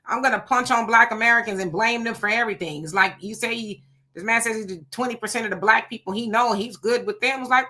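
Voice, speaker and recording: Sex: woman. Role: livestream host. Style: casual chat, reading viewer comments. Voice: bright, forward. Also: fairly high pitch, quick pace. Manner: chatty, conversational, greets viewers by name.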